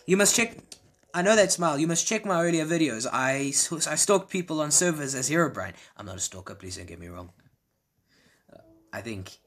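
A man giving casual, excitable reaction commentary as a video creator, repeating his exclamations and laughing often. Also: fairly high pitch, fairly quick. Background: faint background music.

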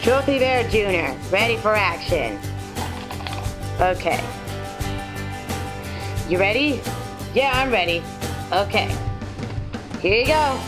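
A woman casually setting up a toy play video, talking in a low-key way. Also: very animated, takes it slowly, long pauses, over music.

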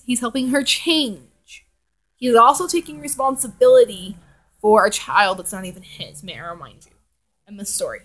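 A woman's voice: mid-range voice, animated, moderate pace, fairly bright tone. A young woman reading her own fanfic aloud on her vlog, with chatty asides and self-corrections. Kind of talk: casual fanfic read-aloud.

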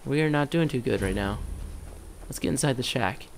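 A man giving casual let's-play commentary, excitable and jokey, swearing and yelping at monsters as he plays. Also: mid-range voice, normal speed. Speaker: gaming commentator.

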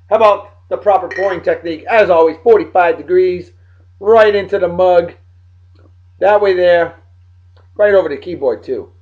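A man hosting a casual beer review vlog in brash, jokey, hyped patter, speaking with a Texan accent at his home desk by the computer. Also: a little high. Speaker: beer show host. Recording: dull lo-fi webcam audio.

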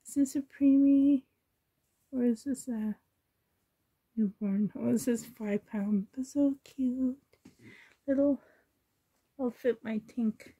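Husky woman vlogger, slow and mellow, chatty and sentimental going through clothes. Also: mid-range voice. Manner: chatty, sentimental, talks to herself, laughs softly. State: emotional, choked up. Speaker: reborn doll collector vlogger. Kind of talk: casual chat while sorting clothes.

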